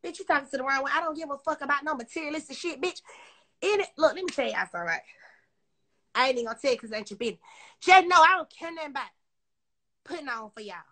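A woman's voice: high voice, lively intonation, fast, long pauses, sharp tone. A woman on a phone livestream, delivering a profane, confrontational rant straight at her critics. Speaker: social media personality. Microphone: phone on a live stream.

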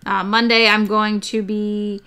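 A young woman chatting casually and excitably about board games on her live stream, rambling with fillers. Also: medium pitch, a little slow, smooth.

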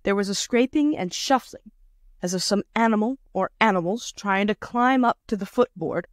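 An audiobook narrator reads a satirical short story in a measured, even storytelling manner. Her voice has an ordinary middle pitch, and the recording is dry and close with no room sound.

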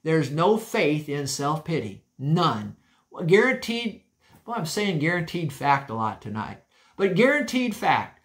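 Man preaching a sermon, high voice, emphatic, folksy, repeats himself, church setting. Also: fairly bright tone. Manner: emphatic and folksy, repeating key phrases, frequent restarts. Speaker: pastor.

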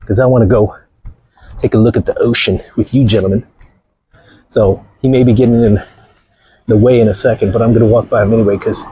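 Husky-voiced man joking on a livestream. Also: fairly low pitch, dark tone, no room sound. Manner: mocking, playful, laughs often. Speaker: livestream host. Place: outdoors walking near the ocean.

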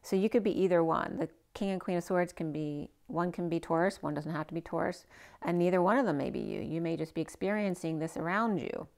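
A woman reading tarot cards aloud in a casual way, thinking out loud and asking the cards questions as she goes, her voice a little hoarse. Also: on the low side, a little fast. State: a bit hoarse, losing her voice. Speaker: tarot card reader.

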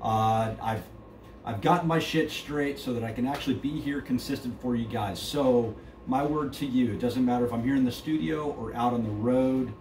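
Mellow and medium-pitched, this middle-aged man talks at a moderate pace while teaching drums in a studio. The lesson is relaxed, packed with filler words and beats counted aloud, and the recording is noisy, echoey, and distant.

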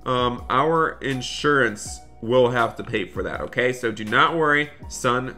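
A man's voice: medium pitch, animated, normal speed, few pauses, bright, forceful tone, soft background music. A man doing chatty Roblox roleplay commentary, talking to viewers and his in-game son, with dramatic bursts of dismay.

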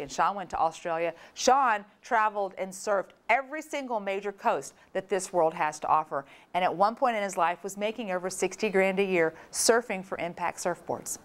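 A woman from Florida giving a storytelling talk, animated and acting out the voices of people in her story. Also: medium pitch. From Florida, USA. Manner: animated, acts out quoted voices. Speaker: speaker.

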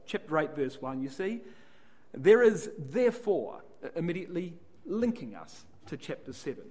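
A man's voice: high-pitched, sing-song, normal speed, a little mellow, breathy edge. Man explaining scripture verse by verse. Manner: explanatory, asks and answers his own questions; reads scripture aloud and unpacks it verse by verse. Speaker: Bible class speaker. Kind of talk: Bible study talk.

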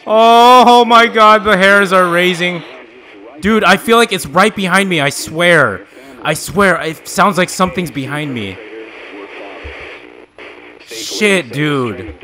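A man's voice: fairly high pitch, unhurried, long pauses, sharp tone. A man streaming a horror game live, talking to his chat, swearing often and shrieking when startled. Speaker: gaming streamer. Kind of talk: live gameplay reaction.

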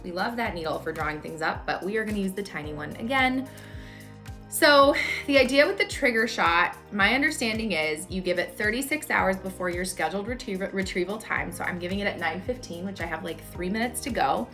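A woman in her thirties vlogs from home in an open, chatty way, peppering her talk with "like". Her voice sits at an ordinary middle pitch. Soft music plays faintly underneath. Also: a little fast. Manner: chatty, candid, leans on "like". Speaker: vlogger. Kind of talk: candid personal vlog talk.

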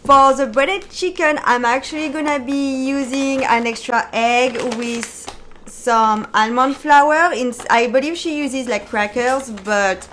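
A woman's voice: high-pitched, takes it slowly, fairly bright tone, slight background noise. A woman with a French accent, chatting upbeat through a casual cooking vlog with frequent ums. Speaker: vlogger.

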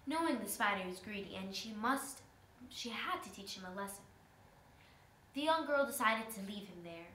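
A woman student retells a folk tale to her class, trips over words and restarts here and there. Her voice is bright and crisp. The room is echoey with faint hiss underneath. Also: mid-range voice, lively intonation, moderate pace. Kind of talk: storytelling to a class.

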